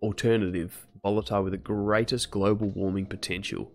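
A man's voice: fairly low pitch, fairly even intonation, a little fast, faint music behind. A young man chatting casually with his live-stream chat while he studies medicine. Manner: casual, chatty, laid-back slang.

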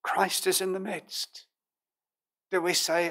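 A man preaching a sermon as pastor, in a measured, earnest manner with old King James phrasing. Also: sits high, flat delivery, sharp tone.

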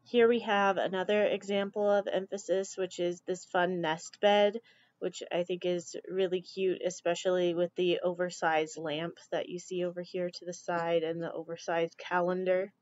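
A woman teacher talking through slides in a relaxed, chatty way, with frequent ums. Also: on the low side, moderate pace. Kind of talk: classroom slideshow lecture. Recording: dull lo-fi dry recording.

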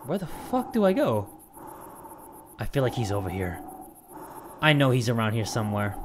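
A man's voice: mid-range voice, background noise. A man giving jumpy, joking commentary while playing a horror game, swearing and yelping at the scares and talking to his viewers. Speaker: gaming YouTuber.

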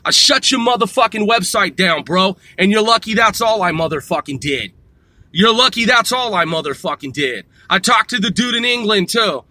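Brash high-voiced swearing man. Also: expressive, normal speed, pushed and bright, no echo. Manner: brash, trash-talking, swears constantly, drawls "man". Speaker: vlogger. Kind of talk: profane boastful rant to camera.

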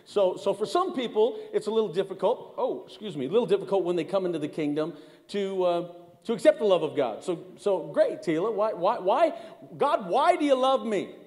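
A man's voice: sits high, animated, brisk, mellow, long reverb tail. A middle-aged man preaching a sermon as pastor, speaking conversationally, repeating words and calling out to the congregation. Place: church sanctuary.

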